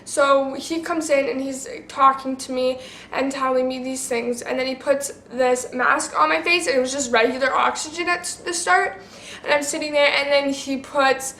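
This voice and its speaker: A woman's voice: high voice, steady tone, moderate pace, a bit bright, echoey room, a little hiss or hum. A teenage girl vlogger telling a personal story to camera in a rambling, casual way, full of "like" and restarts.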